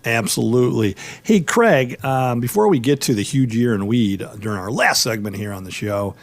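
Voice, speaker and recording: A middle-aged man hosting a law radio show, telling stories in animated casual banter. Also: medium pitch, moderate pace. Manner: animated storyteller, rising into exclamations.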